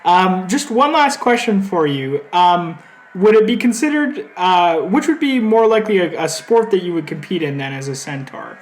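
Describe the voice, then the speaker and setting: A man's voice: high-pitched, lively intonation, normal speed, roomy sound. A man playing an earnest podcast interviewer in a mock news report, polite and often stumbling over his words.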